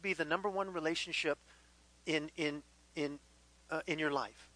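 A man's voice: a little high, expressive, moderate pace, sharp tone, low-quality recording. A man preaching a sermon to a live congregation, conversational and acting out little dialogues. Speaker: pastor. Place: church hall with live congregation.

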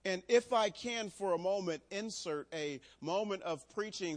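Man preaching a lively sermon. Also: high-pitched, a little slow, few pauses. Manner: swings from loud preaching to quiet storytelling. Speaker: pastor. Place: church room.

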